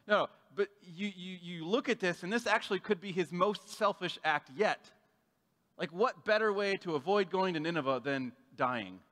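A man's voice: high-pitched, expressive, moderate pace, fairly bright tone, big-room sound. A man preaching a sermon in a casual, conversational way, acting out the voices of the people in the story. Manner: conversational, acts out quoted voices. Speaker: pastor.

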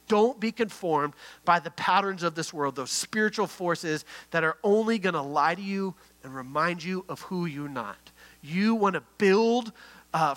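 A middle-aged male pastor delivers an earnest sermon built around stories, his voice a little higher than most men's and bright and forceful. For the tender moments he often sinks to a near hush. The recording is low quality, with no room sound.

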